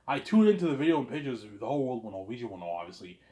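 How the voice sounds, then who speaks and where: Boastful rambling man with a lively swinging voice. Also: medium pitch, very fast. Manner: rambling and repetitive, tags lines with "obviously"; boastful, swinging between loud claims and mumbled asides. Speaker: vlogger. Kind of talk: rambling monologue to camera.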